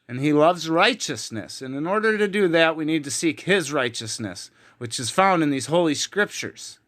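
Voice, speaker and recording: A man's voice: fairly high pitch, expressive, moderate pace, fairly bright tone. A man teaching from the Bible in an online video, heated and emphatic, with frequent fillers. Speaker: preacher.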